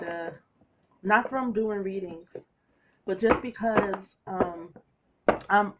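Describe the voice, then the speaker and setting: Over very noisy audio, a tarot reader with a medium-pitched voice delivers a casual reading monologue to her viewers. Her manner is chatty and playful, with occasional preachy asides.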